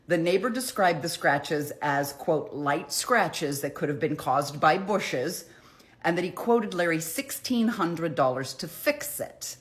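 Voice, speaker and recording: A woman's voice: deep voice, lively intonation, a little slow. A woman giving a casual, chatty recap of a criminal trial, retelling courtroom exchanges with emphatic quoted lines. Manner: chatty, conversational, with frequent "like" asides. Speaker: true crime commentator.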